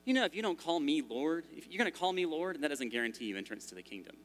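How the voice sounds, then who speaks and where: Animated, bright-voiced male pastor preaching. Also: a little high, fast. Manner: animated, conversational preaching with frequent restarts. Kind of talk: sermon. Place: church.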